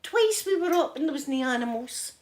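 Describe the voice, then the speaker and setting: Chatty Scottish woman, bright voice. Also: high voice, lively intonation, fairly quick. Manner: chatty, laughs often, addresses chat by name. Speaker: livestreamer chatting to viewers. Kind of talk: casual live-stream chat while ironing.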